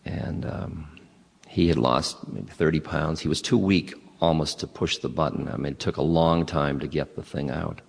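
Man, very deep voice, spiritual talk, unhurried anecdotes, long hall echo. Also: vocal fry, breathy edge. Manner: unhurried, anecdotal, halting restarts. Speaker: spiritual teacher.

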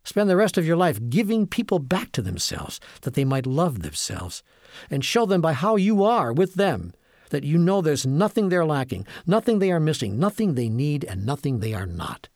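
Husky guy doing an inspirational spiritual talk, earnest, steady, builds up lists, dry sound. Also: fairly high pitch, normal speed, no echo. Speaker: spiritual speaker.

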